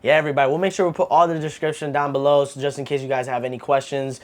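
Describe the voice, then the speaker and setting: A man's voice: medium pitch, fairly even intonation, rapid-fire. A young man hosting a podcast, talking in an easygoing, affirming way with casual fillers. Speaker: podcast host.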